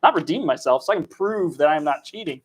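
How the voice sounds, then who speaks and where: A man with a fairly high voice co-hosting a livestream in relaxed, playful chat. He laughs often and protests in good humor. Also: quick pace, a crowd in the background. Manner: playful, laughing, defensive banter. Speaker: livestream co-host. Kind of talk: casual chat.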